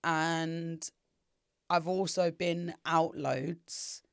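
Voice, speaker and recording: A woman's voice: low voice, flat delivery, drawn-out words, gravelly, clear, resonant tone, dry recording, studio quality. A woman in her thirties, co-hosting a podcast, giving advice in casual, reflective chat. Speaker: podcast co-host.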